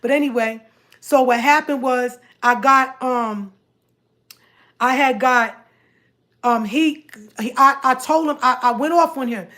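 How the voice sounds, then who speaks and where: A high-pitched woman recounts a personal saga to her viewers. She talks casually and with animation, repeating herself and quoting the people in her story. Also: measured pace. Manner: animated, repeats herself, quotes others in dialogue. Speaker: vlogger telling a personal story.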